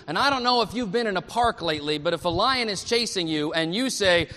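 A male pastor preaching a sermon at a church service, animated and asking the congregation questions. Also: high voice, a little fast, hardly any pauses, in a large hall.

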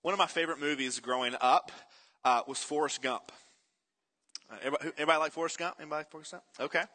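A man preaching to his congregation, full of energy as he tells a story and throws questions out to the room. His voice is bright and forward, and it sits a little high for a man. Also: racing. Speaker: pastor. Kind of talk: sermon.

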